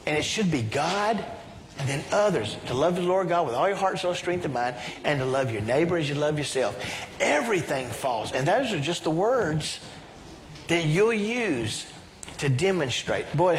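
A middle-aged male pastor with a fairly high voice delivers a sermon and coaxes the congregation into repeating lines after him. The sound carries a long church-hall reverb over a faint room ambience. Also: slight background noise. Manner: leads the congregation in call-and-response, rising to excited exclamations. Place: church sanctuary.

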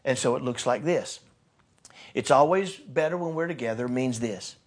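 Pastor, male, husky tone, earnest sermon delivery with swings between loud and soft. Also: mid-range voice, normal speed. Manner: earnest, builds to loud bursts then drops soft.

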